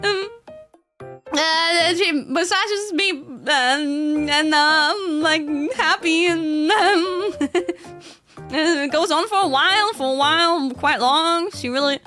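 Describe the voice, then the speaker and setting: A woman's voice: very high voice, takes it slowly, pushed and bright, soft background music. A young woman streamer in casual chat, rambling with lots of fillers and frequent giggles.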